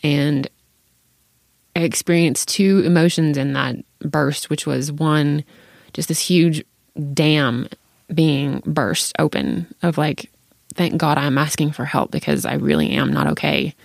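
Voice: medium pitch, steady tone, unhurried, creaky, dry recording, studio quality. A parent in their thirties in candid casual chat, open and frank, swearing freely and laughing between thoughts.

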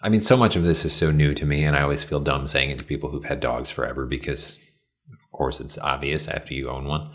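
A man's voice: extremely low pitch, fast talker. A man hosting a casual conversation, telling reflective, easygoing stories.

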